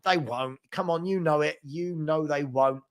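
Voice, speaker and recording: High-voiced chatty man hosting. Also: measured pace, clear, resonant tone. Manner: chatty, reads comments aloud, frequent fillers and restarts. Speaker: fan channel host reading live chat. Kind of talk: casual live watchalong chat.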